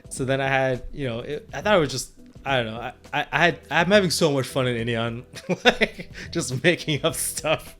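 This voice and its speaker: This man's mid-range voice is fairly bright, with lively intonation and a moderate pace, over soft background music. He's a podcast co-host casually retelling tabletop sessions he ran as game master, rambling with many restarts and laughs.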